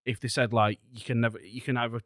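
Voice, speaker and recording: A man's voice: mid-range voice, level tone, fast talker, a bit bright, no room sound, studio quality. A man talking animatedly in a casual podcast chat, full of restarts and asides.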